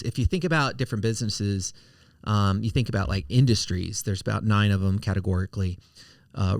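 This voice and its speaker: Middle-aged guy, kinda low voice, chatty folksy host explaining money stuff. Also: no echo, studio quality. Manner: conversational, self-correcting, folksy. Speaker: podcast host, financial advisor. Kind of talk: casual explanatory monologue.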